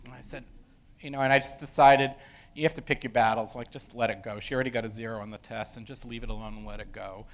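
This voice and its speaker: A man's voice: mid-range voice, steady tone, fairly quick, a bit bright. A middle-aged man, an education professor, telling a story from his teaching days in a casual lecture style with many fillers and restarts. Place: university lecture room.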